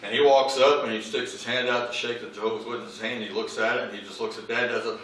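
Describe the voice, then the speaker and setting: A man with a medium-pitched, fairly bright voice keeps a steady tone and quick pace through a lighthearted memorial eulogy, recounting family stories and doing the voices of those involved. The audience in the large hall laughs along. Captured far from the mic, the rough recording carries heavy reverb.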